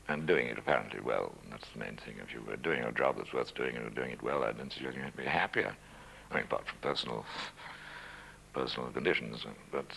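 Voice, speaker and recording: An older man with a very deep, gravelly voice looks back on his broadcasting days in a dry, self-mocking way. His pitch moves a great deal as he tells his stories. A faint hum sits under the recording. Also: a bit bright, rough recording. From Scotland, raised in England. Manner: measured, wry, self-deprecating. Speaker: interviewee, former radio newsreader. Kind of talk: reminiscing interview. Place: at home.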